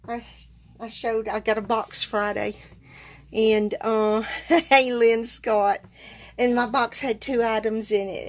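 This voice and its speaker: Chatty woman greeting viewers. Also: mid-range voice. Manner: chatty, greets viewers by name, frequent fillers and small laughs. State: a little tired. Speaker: card-making demonstrator hosting a live stream. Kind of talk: casual live-stream chat.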